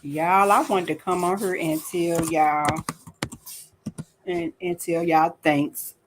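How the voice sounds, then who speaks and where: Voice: medium pitch, steady tone, slow pace, background noise. A livestream host giving casual commentary, ranting with profanity and repeated rhetorical questions, and greeting viewers by name between points.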